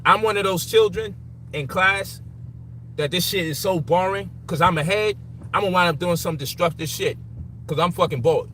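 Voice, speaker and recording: A man's voice: high-pitched, normal speed, pushed and bright. A man ranting in frustration, profane and emphatic, with faint background noise. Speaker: commentator. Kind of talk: frustrated personal rant.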